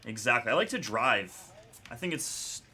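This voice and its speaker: Chatty young man with a bright voice. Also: medium pitch, expressive, moderate pace. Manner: chatty storyteller, laughs often, calls names of pulled cards. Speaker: card break host. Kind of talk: casual chat while opening cards.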